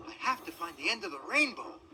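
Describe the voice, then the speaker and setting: A man voicing an eager, impatient young male tank engine who talks in excited, breathless bursts. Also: high voice, brisk, heavy background noise, pitched above the performer's own voice. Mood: hurried. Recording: music playing underneath.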